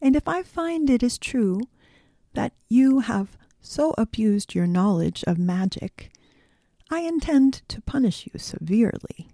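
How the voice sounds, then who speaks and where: A woman voicing a gentle but stern sorceress in a storybook, speaking firmly. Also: animated, a little slow, dry recording, clean studio sound. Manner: gentle, firm, raised pitch.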